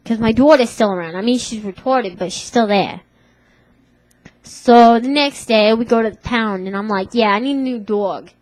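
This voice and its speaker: Woman, twenties, put-on Brooklyn accent, rambling comic story, slangy tough talk, high-pitched. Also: moderate pace, a little mellow, no room sound, low-quality recording. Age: 20s.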